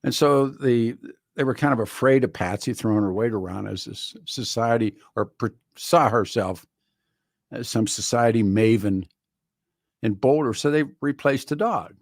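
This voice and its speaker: A man's voice: mid-range voice, moderate pace, gravelly, no room sound. A man hosting a talk radio show in a studio, delivering a rambling, wry monologue full of restarts. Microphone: studio microphone.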